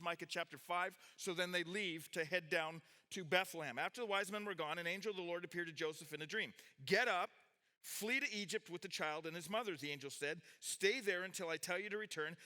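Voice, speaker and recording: A man preaching a sermon, reading from the Bible, explaining it with a map and asking his listeners questions. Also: sits high. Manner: animated, with restarts, questions to the audience. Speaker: pastor teaching a youth group.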